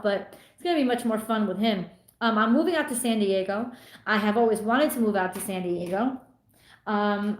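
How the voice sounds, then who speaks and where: A middle-aged woman hosting a casual live stream, chatting away and reading viewer comments aloud with some casual swearing. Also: a little high. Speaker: tarot livestream host. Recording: echoey room.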